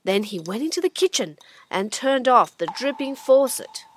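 A woman hosting and narrating a children's radio drama, animated and dropping to whispers for suspense. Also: fairly high pitch, moderate pace, noisy background. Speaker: narrator and host. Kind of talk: expressive children's story narration.

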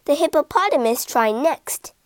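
A woman reading an animal story aloud for English learners, in a slow, clear and expressive way. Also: sits high, dry recording.

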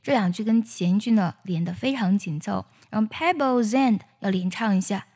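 A woman, a native Chinese speaker, teaching the pronunciation of English song lyrics: she explains linked and dropped sounds, then sings each line slowly. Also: medium pitch, a little mellow, big-room sound.

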